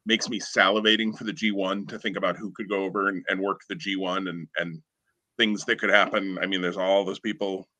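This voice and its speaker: Bright-toned man chatting casually. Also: sits low, flat delivery, brisk. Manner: rambling, filler-heavy, enthusiastic. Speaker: podcast co-host. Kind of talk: casual chat.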